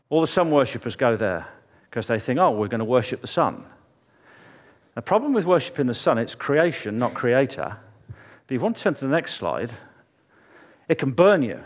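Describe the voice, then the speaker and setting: A man preaching a sermon in church, telling chatty, jokey stories with asides to the congregation. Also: on the high side.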